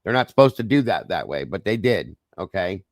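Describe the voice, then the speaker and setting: Low-voiced man hosting a true crime stream. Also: sing-song, fairly quick, no echo, clean studio sound. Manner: conversational, addresses viewers as guys, frequent okays and apologies. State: voice strained, trying not to lose it. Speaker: true crime livestream host. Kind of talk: reading reports aloud with casual commentary. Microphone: streaming microphone.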